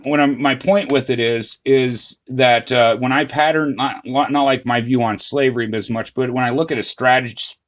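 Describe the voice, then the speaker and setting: Male vlogger, mid-range voice, off-the-cuff and rambling, heavy on fillers, earnest. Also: medium pitch. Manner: rambling, frequent "uh, you know" fillers and restarts; earnest, addresses viewers as "guys". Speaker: channel host. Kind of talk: casual history vlog monologue.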